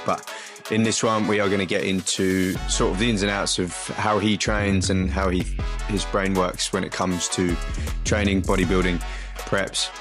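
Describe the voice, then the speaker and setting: A man hosting a podcast, talking in an upbeat, slangy, laid-back way. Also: sits low. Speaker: podcast host. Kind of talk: casual podcast chat.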